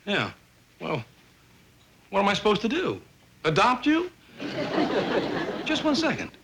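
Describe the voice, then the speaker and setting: A jittery young man covering a secret, stammering and cracking wise. His pitch jumps high and all over the place. Steady hiss from an old TV soundtrack. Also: unhurried, exaggerated voice. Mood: flustered. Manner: nervous, stammering, wisecracking.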